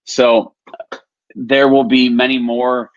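Slightly hoarse man, live podcast host, rambly and upbeat, dry and muffled sound. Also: medium pitch, flat delivery, slow pace, dry recording. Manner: rambling, filler-heavy, upbeat. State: partly losing his voice. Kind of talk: casual live-stream chat.

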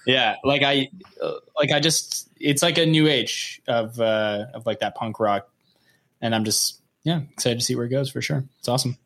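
A man's voice: mid-range voice, moderate pace, a bit bright. A man co-hosting a casual podcast, joking around, laughing often and playfully scolding the others. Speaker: podcast co-host.

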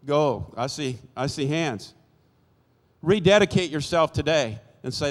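Man, 60s, church testimony, folksy storyteller, slightly high voice, long hall reverb. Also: animated, unhurried. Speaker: church speaker giving testimony. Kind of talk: sermon-style personal testimony. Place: church sanctuary.

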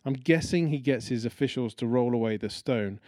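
A man's voice: medium pitch, moderate pace, dry recording. A man preaching a sermon in a conversational, storytelling way, acting out the people he talks about. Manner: conversational, animated storytelling with acted-out quotes.

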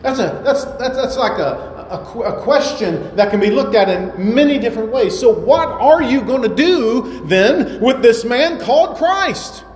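A man preaching a sermon in a church, with a high voice. He drives his points home with emphatic, repeated rhetorical questions. The sound rings with long, roomy reverb over a faint background hum. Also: animated, unhurried, few pauses, darkish tone. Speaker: pastor. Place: church sanctuary. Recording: echoey hall with faint ambience.

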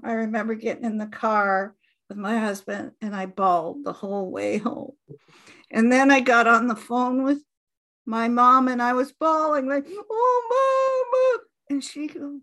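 A woman in her fifties hosting a podcast, telling a heartfelt personal story in an unhurried, reminiscing way. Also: mid-range voice, fairly bright tone. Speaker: podcast host. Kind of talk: conversational storytelling.

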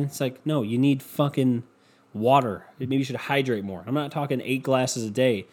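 A man's voice: medium pitch, steady tone, normal speed, a little mellow. Profane, sarcastic male podcast host. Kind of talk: casual solo podcast rant.

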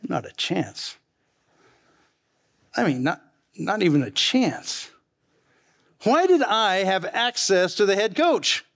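Folksy high-voiced pastor telling stories. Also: male voice, sing-song, slow pace, vocal fry, long pauses, a bit bright. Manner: folksy, chatty, laughs at his own stories. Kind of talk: sermon with storytelling.

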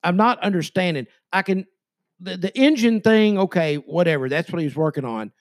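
A man co-hosting a podcast, chiming in with jokes and quick questions in casual chat. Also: sits high, lively intonation, no room sound, studio quality. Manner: joking, chimes in with quips. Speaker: podcast co-host.

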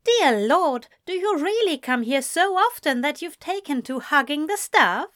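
A woman's voice: high voice, big pitch swings, normal speed, a bit bright, voice pushed up. A woman reading an audiobook, voicing a fussy, dry-witted male teacher with a prim, teasing manner. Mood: wry teasing.

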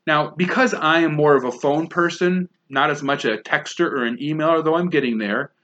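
A man preaching a sermon with an emphatic delivery, leaning hard on key words and repeating them for stress. His voice sits a touch high, and the recording sounds dull and lo-fi. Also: moderate pace, fairly bright tone. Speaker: pastor.

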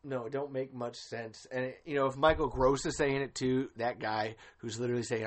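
A man's voice: mid-range voice, moderate pace. A man hosting a casual film commentary podcast, ranting with exasperation and swearing freely. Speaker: podcast host.

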